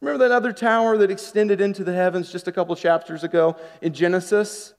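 A man preaching a sermon in a lively, conversational way, asking the congregation questions as he goes. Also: high voice, fast. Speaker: pastor. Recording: long hall reverb.

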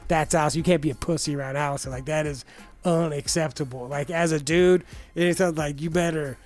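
A man's voice: fairly high pitch, fairly even intonation, normal speed, soft background music. A young man telling rambling, profane stories in casual chat, full of restarts and fillers. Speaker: podcast guest telling stories.

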